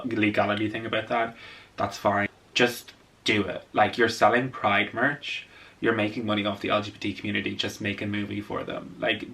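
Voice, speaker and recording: Gushing gravelly-voiced man chatting. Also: on the low side, distant mic. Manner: gushing, playful, excitable. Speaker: vlogger. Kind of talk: casual chatty film commentary. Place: indoors at home, doing makeup on camera.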